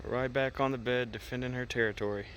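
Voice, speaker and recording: An excitable man films himself fishing outdoors by a creek, chatting to the fish as he catches them. His voice sits at a middle pitch. The sound of running water and outdoor noise is clear behind him. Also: fast. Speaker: fishing vlogger. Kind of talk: casual outdoor commentary.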